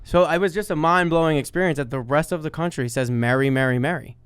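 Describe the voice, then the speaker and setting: A man's voice: fairly high pitch, quick pace, clear, resonant tone, no echo. A man from Brooklyn, New York, co-hosting a podcast in casual chat, telling stories with emphasis. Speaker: podcast co-host.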